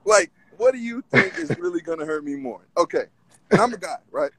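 A man calling in to a talk show, arguing his side in an animated way and often repeating himself. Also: high-pitched, a little fast, vocal fry, slightly rough, no echo, poor audio. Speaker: caller. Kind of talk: casual call-in debate.

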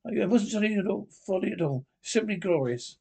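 A man's voice: high voice, lively intonation, normal speed, gravelly, warm tone, breathy edge, pitched above the performer's own voice, full character voice. A man voicing a vain, stubborn male toad who talks sulkily and gushes, in a storybook reading. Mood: sulky defiant. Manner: sulky, then gushing.

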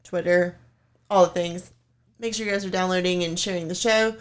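A woman's voice: lowish voice, steady tone, normal speed. A woman co-hosting a podcast in casual chat. She talks loosely, swears freely and fills her sentences with "like". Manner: loose and chatty, swears freely, many "like" fillers. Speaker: podcast co-host.

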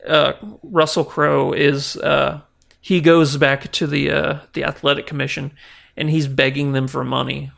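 Gravelly-voiced man in casual movie chat. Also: fairly high pitch, flat delivery, a little slow, a bit bright. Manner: rambling, restarts, laughs often, gets emotional. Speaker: podcast co-host.

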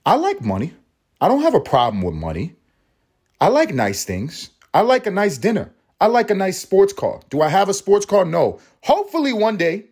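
A man hosting his own podcast at home, ranting in a profane, sarcastic way and swinging between loud jabs and low mutters. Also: huge pitch swings, moderate pace, breathy edge. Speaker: podcast host and father. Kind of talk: solo comedic podcast rant.

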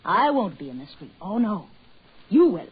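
An actress in 1940s radio drama playing a cruel wife who is turning into a cat, her voice shrill and breaking into screams. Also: sing-song, normal speed, slightly rough. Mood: taunting. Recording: dull old radio recording with faint hiss.

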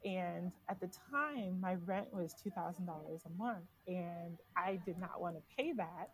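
A woman's voice: lowish voice, unhurried, soft background music, rough recording. A woman as a podcast guest, telling personal stories in a candid, casual way. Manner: candid, personal storytelling with many "like"s. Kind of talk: casual interview conversation.

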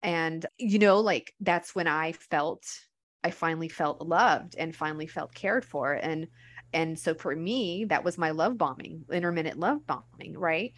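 A woman in her thirties hosts a podcast in candid, conversational talk. Her voice sits a little low for a woman. She speaks frankly and with animation, with plenty of casual fillers. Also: measured pace. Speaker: podcast host.

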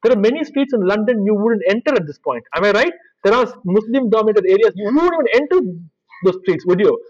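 Fast-talking man, blunt. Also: high voice, dull audio. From India. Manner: blunt, animated storytelling. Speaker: guest, animal rights activist. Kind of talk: casual interview talk.

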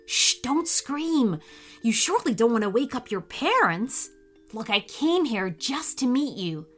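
A woman reading the part of a calm, friendly young male superhero in a storybook, speaking in a reassuring way. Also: fairly high pitch, measured pace, faint music behind. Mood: hushed.

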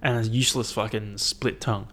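Rambling, foul-mouthed guy, lowish voice. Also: fairly even intonation, fairly quick, fairly bright tone. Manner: blunt, swears a lot, loose and rambling. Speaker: vlogger. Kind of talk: casual rambling monologue.

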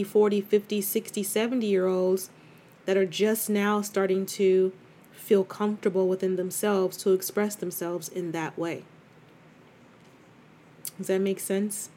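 A woman's voice: on the low side, darkish tone, a little hiss or hum. A middle-aged woman talking candidly and conversationally as a host, speaking straight to her listener and calling her "girl". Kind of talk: casual confessional talk.

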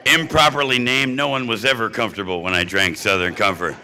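A man's voice: lowish voice, steady tone, brisk, bright, forceful tone. Joking man in a reverberant hall. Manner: punchy and joking, keeps asking the audience "right?" and "you know?". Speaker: speaker at a recovery meeting. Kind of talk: humorous personal-story talk to a live audience. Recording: live talk with long hall reverb.

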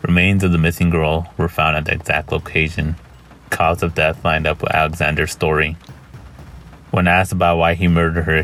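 A man narrates a horror story in a measured, grave way. His voice is very deep. Faint noise sits under the recording. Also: fairly bright tone.

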